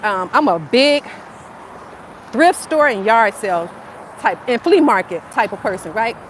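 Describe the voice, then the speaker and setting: A woman's voice: fairly high pitch, lively intonation, unhurried. Chatty Southern woman in her fifties. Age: 50s. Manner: chatty, repeats herself, addresses viewers directly. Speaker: channel host. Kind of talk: casual motivational livestream talk. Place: outdoors on a narrow sidewalk by a road. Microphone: phone propped up. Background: faint passing traffic.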